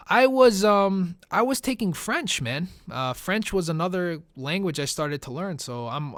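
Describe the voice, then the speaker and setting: A man's voice: on the high side, no echo, clean studio sound. A young man who grew up speaking Italian, answering viewer questions in a laid-back, chatty way and often calling his listeners "man" and "guys". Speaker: gaming YouTuber. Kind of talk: casual Q&A commentary over gameplay.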